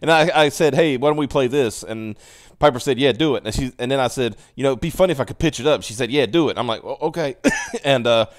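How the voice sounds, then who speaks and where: A man's voice: mid-range voice, fast talker. A man hosting a casual live stream, chatting, laughing a lot and reading viewer comments aloud. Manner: laughs often, reads chat aloud. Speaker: stream host.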